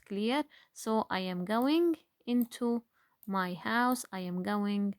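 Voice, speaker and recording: Woman teacher, very slow and patient, lots of fillers, dry close sound. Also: mid-range voice, a little mellow, no room sound. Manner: slow, patient, with frequent fillers and rhetorical questions. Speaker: grade one teacher. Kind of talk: online phonics lesson.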